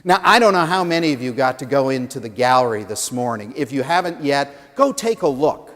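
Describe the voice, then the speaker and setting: A man preaching a sermon, telling stories and swinging from loud emphasis to hushed lines. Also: mid-range voice, expressive, a little fast. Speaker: pastor. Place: large stone church sanctuary. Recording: long church reverb.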